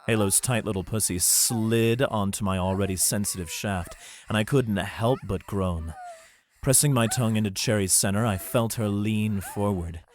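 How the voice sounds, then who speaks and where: A man narrating an adult fantasy audiobook in the first person with a low voice. He reads in a steady, even way. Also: moderate pace, slight background noise.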